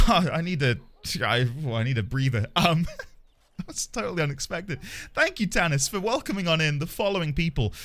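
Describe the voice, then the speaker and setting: A man's voice: on the high side, animated, normal speed, fairly bright tone. A man live-streaming a game, chatting casually with viewers, greeting them by name and playing up mock outrage.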